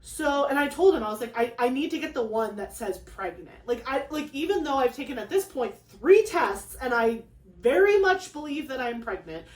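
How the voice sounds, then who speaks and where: A young woman hosting a casual vlog, telling a story in an excitable, rambling way with lots of fillers and acted-out quotes. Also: sits high, moderate pace. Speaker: craft channel host. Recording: echoey room.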